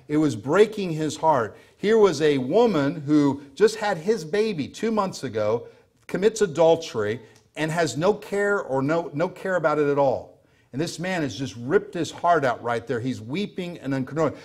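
A man's voice: fairly high pitch, lively intonation, moderate pace. An American man preaching a sermon as pastor, earnest and repeating key phrases for emphasis.

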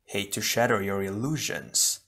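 Man doing a masked warrior, sizzling crackling voice, taunting, slow, low. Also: pushed and bright, exaggerated voice. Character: menacing masked male warrior.

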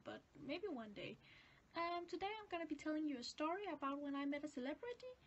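High-voiced Danish girl telling a story. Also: muffled recording, a little hiss or hum. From Denmark. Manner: chatty, self-deprecating, rambling. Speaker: vlogger. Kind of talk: casual storytelling to camera.

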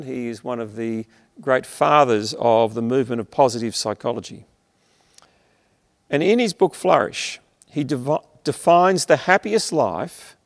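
In a church service streamed online, an Australian male preacher gives an earnest, emphatic sermon in a fairly high voice. He slows to stress key phrases and lets lines trail off softly, with a long reverb as though filling a large hall.

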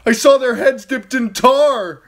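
A man's voice: fairly low pitch, animated, slow pace, fairly bright tone, slightly rough, exaggerated voice. A man voicing a haunted, guilt-ridden young prince who cries out in panicked sobs. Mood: terrified.

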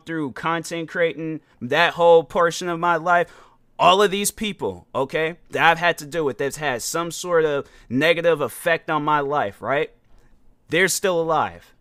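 A man's voice: medium pitch, bright, forceful tone, clean tone, no room sound, studio quality. A man hosting a casual monologue, telling stories with lots of slang and fillers, acting out both sides of conversations. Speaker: podcast host.

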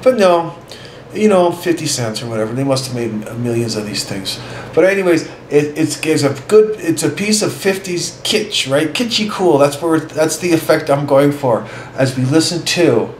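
A man's voice: fairly high pitch, animated, moderate pace, reverberant, a little hiss or hum, low-quality recording. A man hosting a record video, chatting casually with an enthusiastic, rambling delivery. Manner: rambling, enthusiastic, repeats words. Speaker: host of a record channel.

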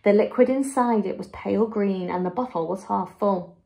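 A woman with an English accent, a primary school teacher, reading a children's book aloud to her class in a clear, expressive storytelling manner. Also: medium pitch, normal speed.

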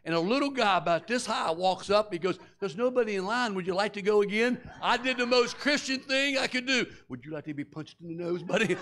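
Preaching a sermon as a guest, a middle-aged man speaks in a high, gravelly, fairly bright voice. He recounts a personal story, performing the voices and screams of those involved.

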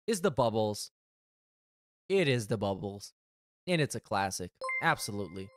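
Lively, mocking male podcast host. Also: lowish voice, normal speed, heavy background noise. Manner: dry, mocking asides. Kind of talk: sarcastic commentary on stream clips.

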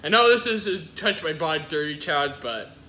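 A man's voice: a little high, expressive, moderate pace, bright, forceful tone, slight background noise. Teasing, giggly man reacting. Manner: teasing, giggly, jumps between mock voices. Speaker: reaction video host. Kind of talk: casual reaction commentary.

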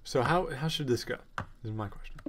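This gamer speaks briskly in a mid-range voice, with background noise behind him. His voice is sore and tired, and his casual gameplay commentary drifts as he mutters to himself and pokes fun at his own play.

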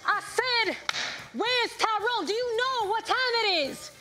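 A woman's voice: very high-pitched, expressive, slow, sharp tone, soft background music, exaggerated voice. An actress playing a stern, exasperated working mother who scolds sharply, speaking on a theater stage. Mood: scolding. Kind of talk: stage play acting.

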